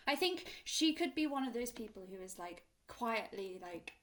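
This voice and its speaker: A woman's voice: a little high, lively intonation, normal speed, a bit bright. A woman co-hosting a podcast in casual chat, rambling with fillers and frequent giggles. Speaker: podcast co-host.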